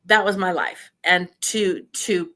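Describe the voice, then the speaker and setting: Older idaho lady, bright voice, tells stories in a chatty way and acts out the quotes, laughs a lot. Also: fairly low pitch, takes it slowly. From Idaho, USA. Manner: animated storyteller who laughs often and acts out quotes. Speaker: podcast guest. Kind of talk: casual storytelling interview.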